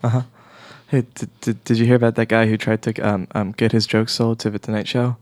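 A man's voice: fairly low pitch, little pitch movement, a little fast, a little mellow. A man hosting a casual comedy podcast, joking, self-mocking and rambling. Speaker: host.

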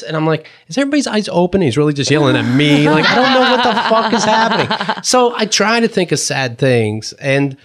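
A man's voice: a little high, a little fast, hardly any pauses. A man casually telling a story in a podcast chat, swearing a lot and acting out what others said. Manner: animated, swearing, acts out quotes.

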